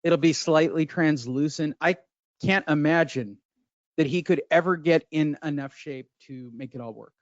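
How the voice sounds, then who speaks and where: A man's voice: fairly high pitch, moderate pace, dry recording, dull audio. A middle-aged man co-hosting a boxing podcast, who jokes crudely in casual chat. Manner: crude, joking storyteller.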